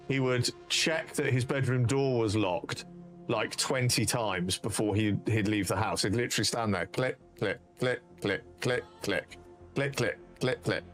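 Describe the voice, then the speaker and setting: A British man streaming to his viewers, spinning long, rambling anecdotes full of swearing. His voice sits at an ordinary middle pitch, and faint music plays underneath him. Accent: British English. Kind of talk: casual storytelling on a live stream.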